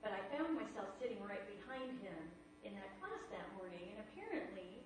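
A middle-aged woman telling a story to an audience in a matter-of-fact, gently teasing way. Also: medium pitch, very animated, fairly quick, background noise. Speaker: speaker telling a story with her husband. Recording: distant mic in a very echoey hall with a crowd.

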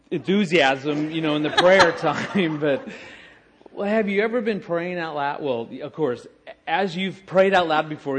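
A middle-aged man telling a humorous story to an audience in an animated, self-mocking way, acting out the dialogue. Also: a little high, a little hiss or hum. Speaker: speaker telling a story with his wife.

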